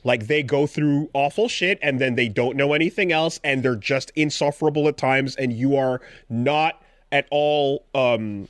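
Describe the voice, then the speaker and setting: A man's voice: medium pitch, measured pace, no room sound, studio quality. A man co-hosting a podcast, chatting casually and chiming in with short agreements and wry asides. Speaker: podcast co-host. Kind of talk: casual chat.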